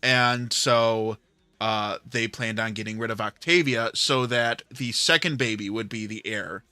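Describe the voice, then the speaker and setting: A man's voice: medium pitch, a little slow, pushed and bright, smooth, no room sound. A man hosting a livestream, telling a rambling story in casual chat with plenty of filler words. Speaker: livestream host.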